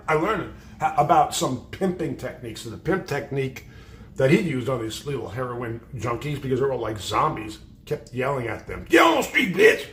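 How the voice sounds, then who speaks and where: A livestream host telling rambling, profane stories in a blunt way. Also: male voice, a little high, a bit bright, slight background noise. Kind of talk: storytelling on a livestream. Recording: roomy echo.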